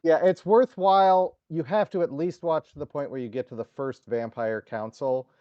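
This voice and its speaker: A man co-hosting a casual podcast, talking in a relaxed, agreeable way. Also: mid-range voice, normal speed, no echo, lo-fi sound. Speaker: podcast co-host. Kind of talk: casual chat.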